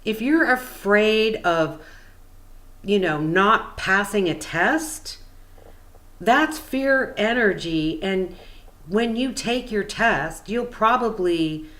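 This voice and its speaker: A woman's voice: medium pitch, expressive, slow, fairly bright tone. A woman spiritual coach explaining things in a casual, meandering, chatty way with frequent fillers.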